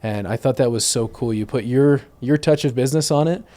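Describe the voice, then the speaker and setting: A man's voice: mid-range voice, brisk, mellow. A man, a sales manager, talking as a guest in a conversation, earnestly explaining and praising a partner's work. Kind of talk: casual interview conversation.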